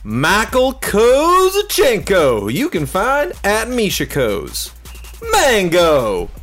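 A man putting on a drawn-out Southern cowboy voice for a mock sponsor read. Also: extremely high pitch, fairly bright tone, pitched above the performer's own voice, full character voice. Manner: drawn-out, showy drawl. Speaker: podcast host.

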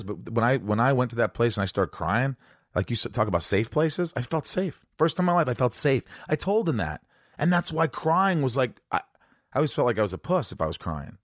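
A man's voice: lowish voice, dry recording, studio quality. A man hosting a candid conversation, talking openly and emotionally, swearing freely. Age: older.

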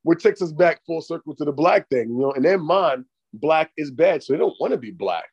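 Fast-talking husky man, casual and profane. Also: fairly high pitch, lo-fi sound. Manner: profane, animated storytelling. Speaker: podcast co-host. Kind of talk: casual chat.

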